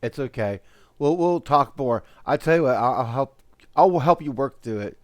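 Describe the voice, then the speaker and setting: A man's voice: medium pitch, animated, normal speed, no echo. A man hosting a casual chat, rambling, repeating words and laughing often. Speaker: host.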